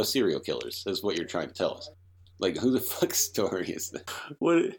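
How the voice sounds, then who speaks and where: Deep-voiced blunt podcast guy. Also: very animated, normal speed, slightly rough. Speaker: podcast co-host. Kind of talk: casual podcast chat.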